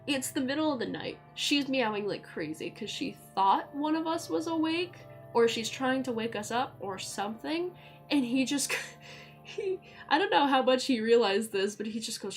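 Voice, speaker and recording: A woman with a slightly high voice chats casually on a live stream from her chair at home. She talks loudly and eagerly, swears offhandedly, and slips into cooing baby talk for her cat. Faint music plays underneath. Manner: loud and excitable, swears casually.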